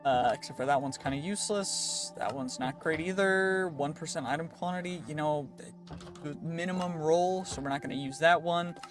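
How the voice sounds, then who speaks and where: A man giving chatty, excitable let's-play commentary, talking to himself as he plays. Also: on the high side, moderate pace. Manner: chatty, excitable, talks to himself while playing. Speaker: gaming YouTuber. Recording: clear game music behind the voice. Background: video game music.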